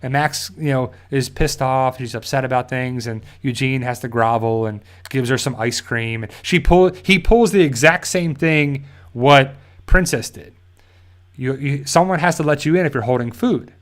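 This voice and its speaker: Rambling man recapping a TV episode. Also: medium pitch. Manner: rambling, filler-heavy retelling with quick character quotes. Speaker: host of a TV review channel. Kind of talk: casual recap and review.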